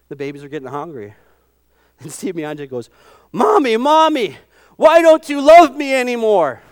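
A middle-aged man preaching a sermon, impassioned and rising to shouts, with repeated calls of "come on". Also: mid-range voice.

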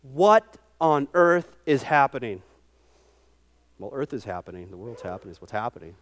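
A middle-aged man preaching a sermon, impassioned and rising to shouts, with repeated calls of "come on". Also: medium pitch, very animated, moderate pace.

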